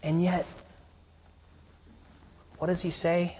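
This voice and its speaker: A man with a fairly high, somewhat husky voice preaches in an earnest way, moving between loud emphasis and hushed, quiet lows. His voice carries a long reverb, as if in a church sanctuary. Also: expressive, unhurried. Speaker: pastor. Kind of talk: sermon. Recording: reverberant hall.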